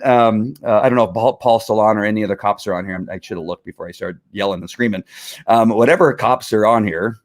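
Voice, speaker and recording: A middle-aged man, a former police officer, riled up and ranting in heated commentary, full of restarts. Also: mid-range voice. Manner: riled up, animated, talks over himself with restarts.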